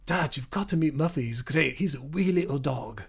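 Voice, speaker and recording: Guy doing a wee excitable glaswegian girl, gravelly and kinda high, says the same thing twice she's so eager. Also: brisk. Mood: excited. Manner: eager, repeating herself.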